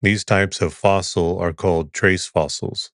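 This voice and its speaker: A man hosting a sleep podcast, reading an article aloud in a calm, soothing, even voice. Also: low-pitched, measured pace, no room sound, clean studio sound. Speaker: podcast host.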